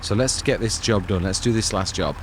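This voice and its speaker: A man's voice: lowish voice, fairly quick. A man hosting a farming game let's-play, chatting casually and thinking aloud as he plays. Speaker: gaming channel host. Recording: clear background game noise.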